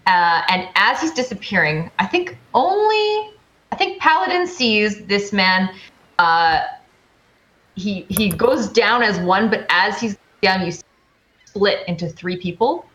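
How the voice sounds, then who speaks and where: A woman narrating a tabletop game as game master, describing scenes in halting phrases full of fillers. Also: medium pitch, sing-song, a bit bright, echoey room.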